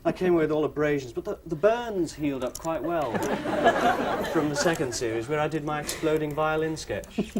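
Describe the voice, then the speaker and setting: A man's voice: fairly high pitch, normal speed, over a noisy crowd. A man being interviewed as a comedy guest on a chat show, giggly, manic and full of jokes. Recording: noisy TV recording.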